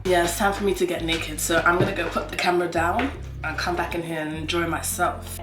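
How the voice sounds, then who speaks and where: A woman's voice: on the low side, steady tone, a little fast. Playful, giggly young woman vlogging. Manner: playful, giggly, self-amused. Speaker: lifestyle vlogger. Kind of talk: casual vlog chat to camera. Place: city garden and indoors. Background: music playing.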